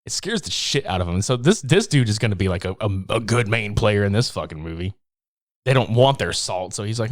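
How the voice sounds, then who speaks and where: A man chatting on a podcast about a film, swinging his pitch widely as he tells the story. He swears freely and laughs often, and he slips into little voices for quoted lines. The sound is dry and close. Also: lively intonation, fast, dry recording. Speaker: podcast co-host. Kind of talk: casual movie review chat.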